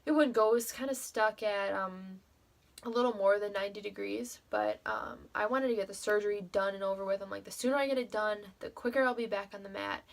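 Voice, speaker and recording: A woman's voice: mid-range voice, steady tone, brisk, gravelly. A young woman telling a personal story to the camera in a casual vlog, emotional and full of fillers, with frequent swearing. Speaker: vlogger.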